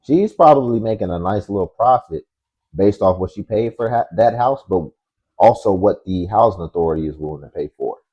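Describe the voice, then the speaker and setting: A man's voice: on the low side, animated, fairly quick, husky, highs cut off. A man reacting to clips with blunt, matter-of-fact commentary as host.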